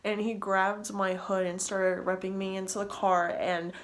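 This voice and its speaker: A woman's voice: medium pitch, little pitch movement, a little slow. Woman rambling through a storytime vlog. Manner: breathless, rambling retelling with repeats and restarts. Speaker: vlogger.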